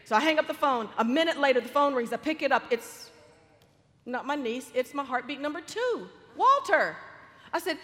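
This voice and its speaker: Woman storyteller with a high voice, animated and lively, on faith and family. Recorded with long reverb. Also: a little fast.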